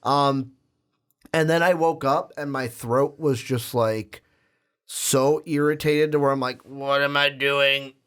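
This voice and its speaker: A man's voice: fairly high pitch, fairly even intonation, takes it slowly, clear, resonant tone. A young man hosting a casual podcast, rambling and chatty, with frequent fillers and restarts. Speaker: podcast host.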